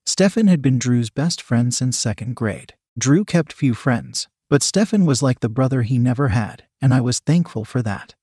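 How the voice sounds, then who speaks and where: A man reading a first-person story aloud in an even, measured narration. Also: mid-range voice, slightly rough, no echo, clean studio sound. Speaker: audiobook narrator.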